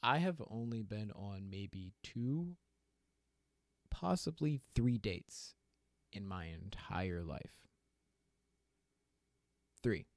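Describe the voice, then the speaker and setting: On his own podcast, this young man goes off on a candid solo rant full of self-deprecating jokes, often cracking up. He has a lowish voice, and the recording has no echo.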